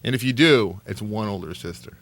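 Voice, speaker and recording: A man hosting a late-night radio aftershow from a studio, animated and sarcastic, cursing freely and teasing callers. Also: fairly low pitch, brisk, no room sound. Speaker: radio show host.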